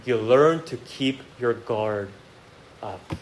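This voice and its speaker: Preaching slowly in a church sanctuary, a male pastor with a mid-range voice talks directly to his congregation, asking rhetorical questions. His delivery swings between quiet reflection and emphatic outbursts, captured on a rough recording.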